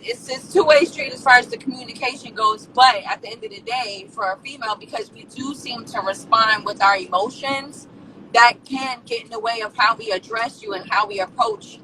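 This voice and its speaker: Earnest woman on a distant mic. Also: on the high side. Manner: frank, personal, earnest. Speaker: caller. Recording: distant mic with faint noise.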